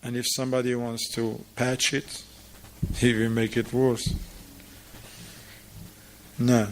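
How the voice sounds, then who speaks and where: A man leads an informal class in a mosque, speaking slowly and deliberately. His English has a non-native grammar and he keeps drawing his students in with questions. His voice sits at a middle pitch. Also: little pitch movement, slight background noise. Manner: conversational, asks the students questions and repeats their answers.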